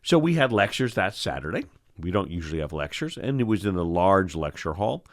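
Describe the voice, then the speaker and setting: An older man from New York who hosts a show as an eye doctor, telling lively stories in casual chat and acting out the voices of the people in them. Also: low voice, a little fast. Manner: animated storyteller, acts out voices. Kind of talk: storytelling chat.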